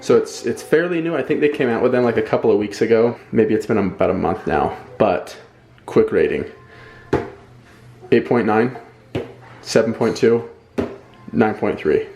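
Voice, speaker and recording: A man's voice: on the low side, lively intonation, normal speed, long pauses, a little mellow, reverberant, faint music behind. A man filming at home, chatting casually and slipping into sing-song baby talk with his toddler. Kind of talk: casual home video chat.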